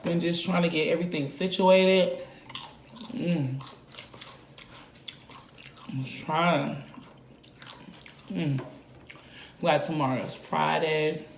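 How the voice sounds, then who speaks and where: A woman with a low voice talks slowly and casually to her viewers while eating, filling the gaps with contented hums. Her chat is unhurried and relaxed. She is recorded in an echoey room with a little background noise. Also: vocal fry. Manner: slow, relaxed talk between bites, lots of contented hums. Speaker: mukbang vlogger.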